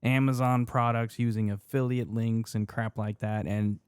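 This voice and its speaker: A man co-hosting a podcast, chatting casually and getting animated, laughing through his rants. He is fussy about pronunciation. His voice sits at a middle pitch and sounds dry and close. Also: normal speed, clean tone, dry recording. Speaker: podcast co-host. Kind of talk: casual chat.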